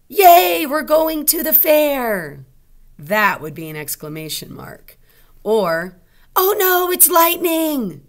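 A woman's voice: fairly low pitch, fairly bright tone. A woman teaching kindergarten, speaking patiently and stretching out example sentences word by word for the children to copy. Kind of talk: slow children's lesson.

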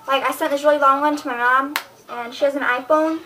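A woman's voice: sits high, steady tone, brisk, sharp tone, slight background noise, rough recording. A teenage girl vlogging to her viewers, rambling and exasperated as she chats casually to the camera. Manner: rambling, chatty, exasperated storytelling.

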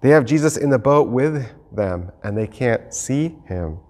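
A man preaching a sermon as pastor, reading scripture and then acting out the scene with lively shifts of voice. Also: mid-range voice. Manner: animated, acts out the disciples and Jesus in quick voices. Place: church sanctuary. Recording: long hall reverb.

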